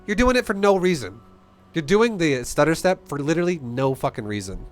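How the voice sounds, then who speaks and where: A man's voice: on the high side, sing-song, brisk, soft background music. A man coaching a player through a game replay in a casual, blunt, profane and passionate way. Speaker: StarCraft coach.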